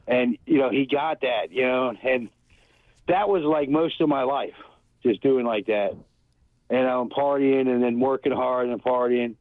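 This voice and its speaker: A man's voice: medium pitch, unhurried, no room sound. Male caller, loose and rambling after many beers, phone-line sound. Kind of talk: casual phone-in beer review.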